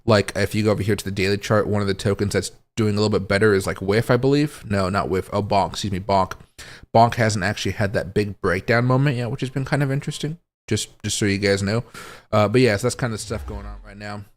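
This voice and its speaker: A man's voice: lowish voice, fairly even intonation, fast. A man giving casual, rambling livestream commentary on crypto charts, thinking aloud as he goes. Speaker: crypto market streamer.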